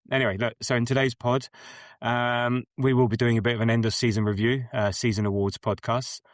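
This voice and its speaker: A man's voice: lowish voice, dry recording, studio quality. A man hosting a podcast in casual chat, joking and laughing often. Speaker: podcast host.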